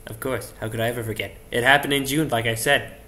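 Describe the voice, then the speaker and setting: Bright-voiced male let's-player. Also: mid-range voice, steady tone, fast talker. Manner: casual, self-mocking. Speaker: gaming YouTuber. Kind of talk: let's play commentary.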